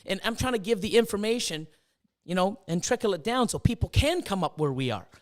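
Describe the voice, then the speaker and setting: A man's voice: high voice, lively intonation, fairly quick. A middle-aged man hosting a casual chat, swearing freely and acting out his own past reactions. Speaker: host.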